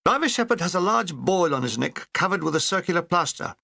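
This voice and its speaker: A man's voice: high-pitched, big pitch swings, a little fast, gravelly, pushed and bright, dry recording. Man reading a memoir with wry humour. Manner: dry, wry comic delivery. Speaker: narrator. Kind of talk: reading a wartime memoir aloud.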